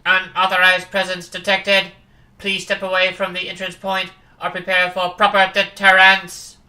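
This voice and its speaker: A woman's voice: on the low side, completely flat delivery, normal speed, sharp tone. A woman voicing an automated security computer that speaks in formal, clipped announcements. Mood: stern.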